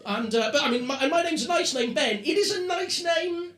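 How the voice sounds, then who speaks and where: A man performing a stand-up comedy set before a live audience, with animated asides to the crowd. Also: very high voice, a little fast. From Britain. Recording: roomy live venue with crowd laughter.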